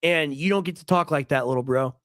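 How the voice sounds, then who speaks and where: A man's voice: a little high, a little fast, a bit bright, no room sound. Emphatic man, dry close sound. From United States. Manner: emphatic, argumentative, repeats himself. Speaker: streamer host. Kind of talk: casual commentary on a clip.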